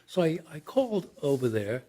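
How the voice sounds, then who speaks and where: An older man with a husky, mellow voice tells long, winding anecdotes as an interview guest. He slips into the voices of the people he quotes as he goes. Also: on the high side, sing-song, normal speed. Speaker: actor guest. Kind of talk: storytelling interview.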